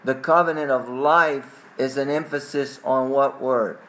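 A man teaching a catechism class, questioning students by name and pausing with frequent fillers. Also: mid-range voice, steady tone, a bit bright. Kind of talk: Bible study teaching.

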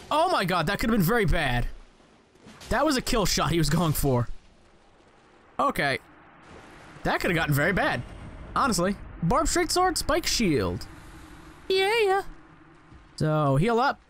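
Lively high-voiced gaming commentator, a man. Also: slight background noise. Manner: profane, jokey, talks to enemies on screen. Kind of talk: casual let's-play commentary.

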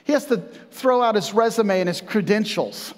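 A male pastor preaching a sermon in a loose, conversational way, tossing in jokes and asides. His voice sits fairly high for a man. The sound rings with the long reverb of a church hall. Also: moderate pace. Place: church sanctuary.

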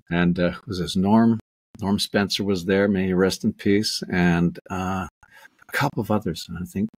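A man's voice: sits low, breathy edge. A man, a guest actor, telling stories in a casual interview chat. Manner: anecdotal storyteller.

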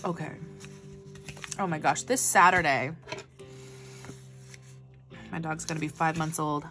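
A woman vlogger telling a rambling, animated story in casual chat, full of asides. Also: low-pitched, measured pace, soft background music. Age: adult with a child.

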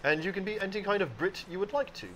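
A man's voice: high-pitched, quick pace, a little hiss or hum, rough recording. A man casually leading a party-game round with friends, teasing and upbeat. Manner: lively, teasing. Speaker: game show player.

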